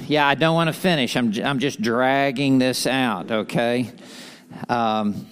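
Slow, smooth-voiced man leading Bible study. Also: medium pitch. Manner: earnest, measured, with light joking asides. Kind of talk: prayer and Bible teaching to a men's group. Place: live morning gathering with an audience.

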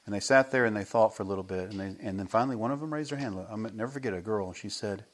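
An American pastor preaching a sermon in a church, telling stories with a lively manner and chuckling between his points. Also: on the low side, very fast, hardly any pauses. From United States.

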